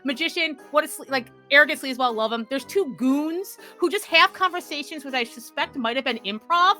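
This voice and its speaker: A woman's voice: high voice, a little fast, pushed and bright, soft background music. A woman co-hosting a casual movie review chat, talking with enthusiasm and laughing often. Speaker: co-host, film reviewer.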